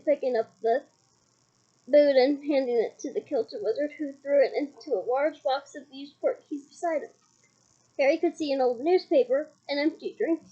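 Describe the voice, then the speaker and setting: A woman's voice: sits high, mellow, highs cut off. A woman from Scotland reading a novel aloud chapter by chapter, with chatty asides between passages. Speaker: book reader.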